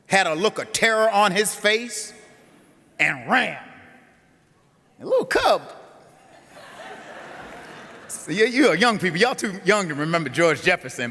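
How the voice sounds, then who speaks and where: High bright-voiced preacher in an echoey hall. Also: male voice. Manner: animated, builds to a rousing close. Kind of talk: storytelling sermon. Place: large conference hall.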